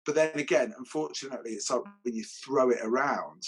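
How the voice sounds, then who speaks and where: A man who teaches martial arts, chatting casually and telling stories with lively acted-out quotes. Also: medium pitch, brisk, husky, rough recording. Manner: animated storyteller, acts out quotes. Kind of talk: casual chat.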